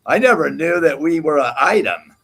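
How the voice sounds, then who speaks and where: A man's voice: fairly high pitch, expressive, moderate pace, creaky, a bit bright, breathy edge. A man hosting a livestream panel, taunting and cursing at a rival in heated trash talk. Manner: profane, taunting, mocking. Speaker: livestream host.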